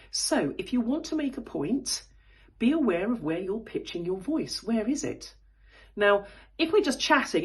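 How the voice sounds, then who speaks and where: A woman coaching public speaking, who explains vocal technique in a thoughtful way and shows examples by moving her pitch from high to low. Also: husky. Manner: thoughtful, with frequent fillers and restarts. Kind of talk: spoken voice lesson.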